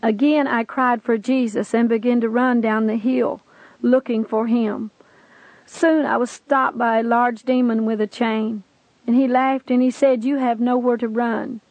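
Woman narrator, earnest and intense testimony, higher voice, dry and close. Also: fairly even intonation, a little slow, a little mellow, no echo, low-quality recording.

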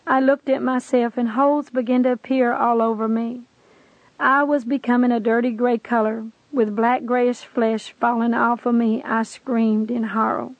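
Woman narrator, earnest and intense testimony, higher voice, dry and close. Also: flat delivery, moderate pace, dry recording, narrow, tinny audio.

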